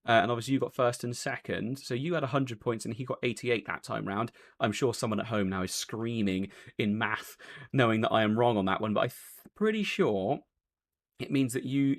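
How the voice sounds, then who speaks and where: A man hosting a post-race interview, talking in a chatty, rambling way with lots of fillers and self-corrections. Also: mid-range voice. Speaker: race broadcast host.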